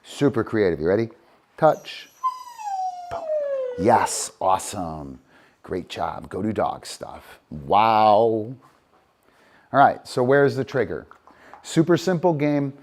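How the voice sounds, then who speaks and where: A middle-aged man with a lowish voice runs a live dog-training session. After quietly praising the dogs, he walks through every game calmly and without rushing, his distance from the microphone shifting as he moves.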